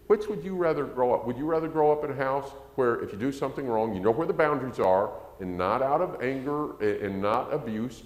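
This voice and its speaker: A man preaching a conversational sermon, acting out quotes and rising to emphasis. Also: mid-range voice. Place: church sanctuary. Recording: echoey church hall.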